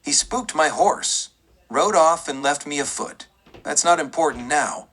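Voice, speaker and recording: A man voicing an aging frontier sheriff who speaks gruff and plain. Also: on the high side, lively intonation, unhurried, a bit bright, full character voice. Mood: urgent.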